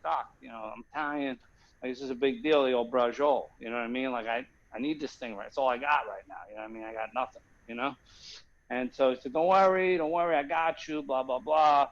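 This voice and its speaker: A man whose voice leans high tells a rambling, comic story over a video call with lo-fi audio. The guest comedian constantly asks "you know what I mean?" to check that his listener is keeping up.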